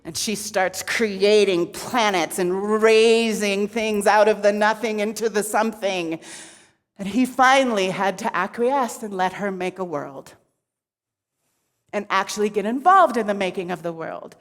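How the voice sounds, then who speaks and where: A woman minister giving a sermon in a relaxed, conversational way with frequent asides. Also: mid-range voice, unhurried, in a large hall. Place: church sanctuary.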